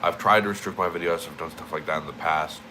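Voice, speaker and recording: A man's voice: low voice, steady tone, fast talker, pushed and bright, slight background noise, rough recording. A young man livestreaming, just woken up, rambling and swearing with emphatic repeated words. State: just woke up. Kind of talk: casual streaming rant.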